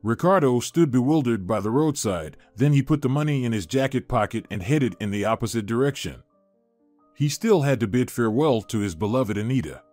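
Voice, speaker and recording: A man giving scripted story narration in a measured, even storytelling manner. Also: medium pitch, dry recording, faint music behind.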